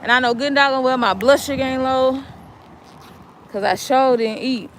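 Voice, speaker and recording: A woman vlogging outdoors on a city street while waiting for a bus, telling a story in an animated, emphatic, colloquial way. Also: sits high, normal speed, a little hiss or hum, low-quality recording. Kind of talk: casual storytelling vlog.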